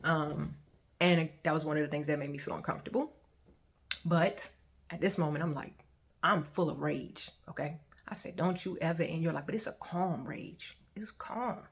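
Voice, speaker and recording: A woman telling her personal faith testimony in a colloquial, animated way, acting out the scenes as she goes. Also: moderate pace. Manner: animated, colloquial, acts out scenes with sharp pitch jumps. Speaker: vlogger sharing a faith testimony. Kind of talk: emotional personal testimony storytelling.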